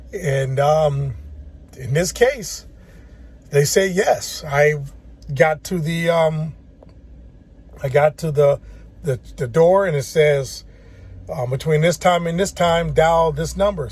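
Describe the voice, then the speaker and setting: A man's voice: a little high, darkish tone. A man driving a semi truck, talking casually in an easygoing, chatty way and laughing at himself. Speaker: truck driver. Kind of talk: casual vlog talk to camera.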